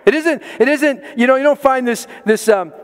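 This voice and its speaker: A man's voice: extremely high pitch, moderate pace, long reverb tail. A man preaching a sermon as pastor, emphatic, repeating words for stress and pressing his listeners with questions.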